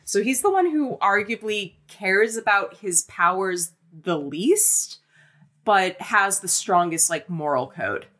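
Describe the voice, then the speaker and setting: A woman co-hosting a podcast, talking in a chatty, casual way with many fillers, restarts and lively bursts of emphasis. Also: medium pitch, takes it slowly. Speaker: podcast co-host.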